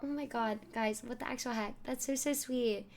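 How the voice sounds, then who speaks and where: A woman's voice: a little high, steady tone, moderate pace, a little hiss or hum. A young woman streaming live, laughing often as she exclaims and thanks her viewers.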